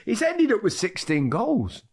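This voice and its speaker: An older man co-hosting a casual football chat, telling lively stories and laughing often. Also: sits high, a little slow, slightly rough. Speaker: podcast co-host.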